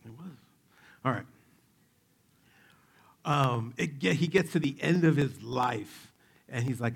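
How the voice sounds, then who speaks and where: Gravelly-voiced pastor telling a story. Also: male voice, mid-range voice, normal speed. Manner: casual, storytelling, acts out quotes. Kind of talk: sermon.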